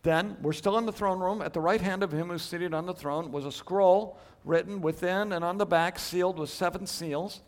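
Bible teacher, a man with a slightly high voice, emphatic, swings from loud stresses to hushed asides, rhetorical questions. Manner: thinks aloud with quick restarts and rhetorical questions. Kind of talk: Bible study lecture.

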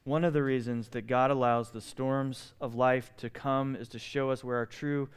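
A man's voice: medium pitch, fairly even intonation, moderate pace, clear, resonant tone. Impassioned man preaching a sermon. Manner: impassioned, pleading preaching with rhetorical questions. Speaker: pastor.

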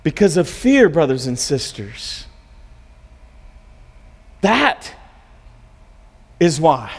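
A high-pitched male pastor preaching a sermon, storytelling casually and stumbling over repeated words as he goes. His voice carries a long reverb from a large hall. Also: sing-song, extremely slow, pauses often, breathy edge.

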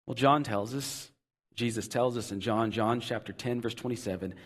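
At a moderate pace, a male preacher works through his sermon with sincere repetition, alternating between booming emphasis and hushed, low remarks.

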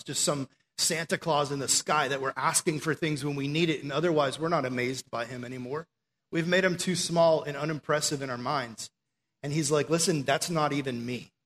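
A young man preaching a sermon in an animated, emphatic, conversational way. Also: a little high.

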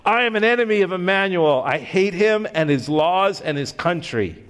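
A man's voice: a little high, lively intonation, unhurried. A man voicing a monstrous winged male demon, mocking and gloating in a sermon story. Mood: screeching.

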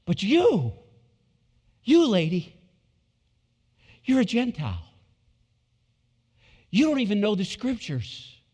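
Preacher voicing Jesus: gentle, marveling man, high voice, long church-hall echo. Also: huge pitch swings, takes it slowly, pauses often, breathy edge, full character voice. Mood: tender. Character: Jesus, a gentle man amazed at a humble woman.

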